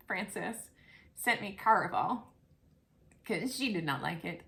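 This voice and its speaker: A woman's voice: fairly low pitch, moderate pace, creaky, a bit bright, a little hiss or hum. A woman chatting casually and rambling a little as she shows off books on her vlog, self-deprecating and talkative. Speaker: book vlogger. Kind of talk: casual book haul chat. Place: home, at a table of books.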